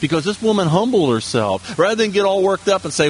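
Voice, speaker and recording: A man's voice: high voice, sing-song, quick pace, few pauses, a little hiss or hum. A man preaching a sermon in a conversational manner, with asides and rhetorical questions to the congregation. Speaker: pastor.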